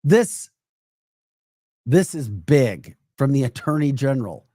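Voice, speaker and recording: A man's voice: mid-range voice, animated, slow pace, mellow, no room sound, studio quality. A man hosting a live political podcast, emphatic and mocking, often breaking into laughter while reacting to chat comments. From United States. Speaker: podcast host.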